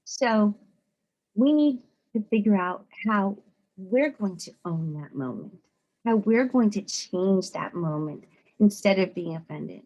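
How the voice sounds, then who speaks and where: A woman psychologist from the United States giving an informal talk to students, conversational and animated, often acting out other people's voices. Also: medium pitch, slow, muffled recording.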